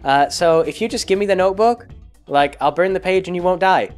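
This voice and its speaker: A man's voice: high voice, brisk, soft background music, natural voice. A man voicing a possessive teenage girl in an offhand, dismissive way. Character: scheming teen girl, pushy and possessive.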